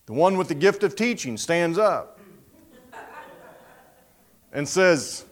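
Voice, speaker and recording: A man preaching a sermon, telling a story in an animated, dramatic way. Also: fairly high pitch, slow, long pauses.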